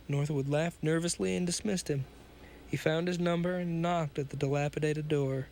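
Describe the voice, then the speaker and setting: A man's voice: on the high side, steady tone, moderate pace, a little mellow. A man hosting a podcast, reading an old pulp story aloud with casual asides and the odd stumble over words. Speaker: podcast host reading stories.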